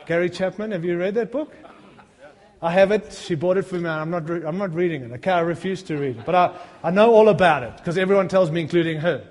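Middle-aged guy preaching, high voice, jokey stories that build up to passionate appeals, big echoey church hall. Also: fast talker, a little mellow. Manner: humorous, self-deprecating storytelling that builds to fervent appeals. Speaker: pastor. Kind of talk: sermon.

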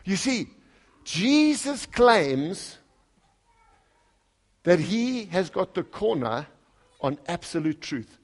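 A pastor preaching a conversational sermon. He reads scripture aloud with lively emphasis and puts questions to the congregation. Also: high voice, takes it slowly, long pauses.

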